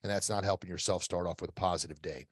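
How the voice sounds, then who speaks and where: A middle-aged man with a fairly low voice gives emphatic, motivational coaching as a guest in an interview. He repeats key phrases and often restarts his sentences. The sound is dry, with no room around it. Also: fairly even intonation, quick pace, husky, no room sound. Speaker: guest expert.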